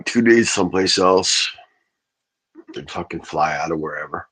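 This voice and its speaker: A man's voice: deep voice, normal speed, long pauses, a bit bright, husky, poor audio. A man ranting casually on a livestream, rambling and swearing as he answers his chat. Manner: profane, rambling, talks back to chat.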